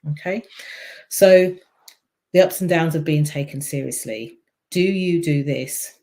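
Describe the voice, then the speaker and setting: A woman with a low, deep voice and a slight frog in her throat, chatting on a live stream as a speaking coach and explaining things step by step. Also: dark tone. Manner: chatty and explanatory, demonstrates voice tones. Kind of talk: casual live-stream talk to camera.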